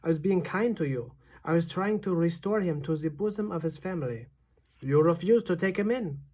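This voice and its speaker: A woman voicing a calm, wry old Norwegian grandmother who speaks in a measured way. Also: fairly low pitch, husky.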